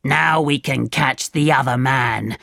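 A reader voicing the stern, quick-tempered leader of a band of thieves in a storybook, giving orders and scolding. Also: medium pitch, creaky, fairly bright tone, no echo, studio quality. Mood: commanding. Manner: commanding, scolding. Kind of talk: storybook read-aloud.

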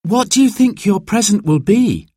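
A man's voice: high voice, lively intonation, normal speed, a little mellow, no room sound, clean studio sound, pitched above the performer's own voice. A man voicing an eager little girl in a storybook reading. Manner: keen, wistful then delighted.

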